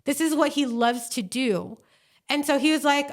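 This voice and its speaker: A woman co-hosting a podcast, telling a story in a lively, gushing way with lots of fillers and acted-out quotes. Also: high voice, normal speed. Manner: animated, gushing storyteller who acts out quotes. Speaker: podcast co-host. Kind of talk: casual chat.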